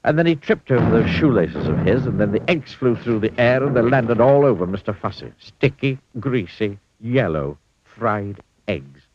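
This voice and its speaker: Low-voiced male storybook reader, lively and playful, dull lo-fi sound. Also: normal speed, few pauses, background noise. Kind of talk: reading a children's storybook aloud.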